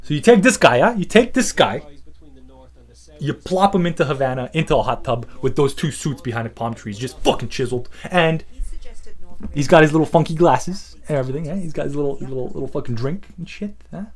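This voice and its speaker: A man with a voice on the high side, talking a little fast, hosts a comedy podcast. He riffs in a rambling, profane, swaggering way, telling stories with lots of animation.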